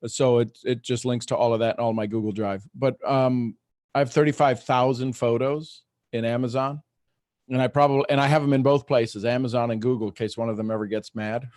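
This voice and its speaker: A man's voice: mid-range voice, steady tone, brisk, a little mellow, no room sound, clean studio sound. A man hosting a call-in talk show, chatting in an easygoing way. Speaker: host.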